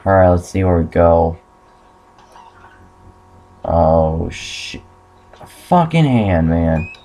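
A man's voice: low-pitched, big pitch swings, drawn-out words, warm tone, a little hiss or hum. A young man commenting on a horror game playthrough, swearing often and yelping when startled. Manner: swears a lot, jumpy and startled. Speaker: gamer.

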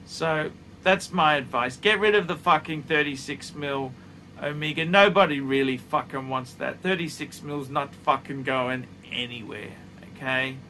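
Speaking in a fairly high, somewhat slow voice that sounds bright and forceful, a fifties-aged watch reviewer chats casually from his office studio. His advice is blunt, emphatic and full of profanity, and there's slight background noise.

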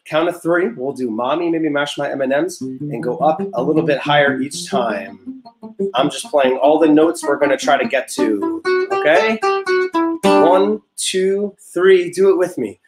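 An upbeat young man leading a music class with vocal warm-ups, encouraging and patient as he explains each step. His voice sits a little high for a man, with soft guitar under it. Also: lively intonation, unhurried. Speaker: music teacher. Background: guitar notes played under the talk.

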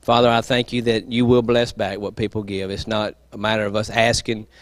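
A man with a low, flat voice leading a simple spoken prayer in church. He speaks earnestly and keeps returning to address God. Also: brisk, no room sound. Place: church sanctuary.

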